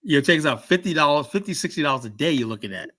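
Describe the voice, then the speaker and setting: Male host with a bright, forward voice; relaxed, cursing, rambling delivery. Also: fairly high pitch. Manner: loose and profane, drawn-out fillers. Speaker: podcast host. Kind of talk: casual chat.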